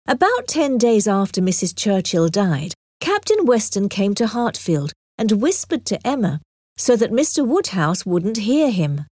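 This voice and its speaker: Lady reading a classic novel aloud, clear and expressive, very dry mic. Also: mid-range voice, measured pace, dry recording. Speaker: narrator. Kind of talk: audiobook narration.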